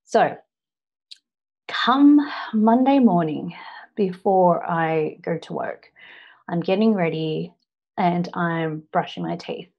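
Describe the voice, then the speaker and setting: An Australian woman in her thirties giving an earnest personal story speech, often pausing on "now" to set up the next part. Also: lowish voice, slightly rough, dull audio. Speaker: public speaker.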